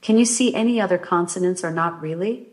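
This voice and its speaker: A woman voicing a male hypnotherapist who asks calm, patient questions during a session. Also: high voice, a little fast, close to an everyday voice, rough recording. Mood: calm probing.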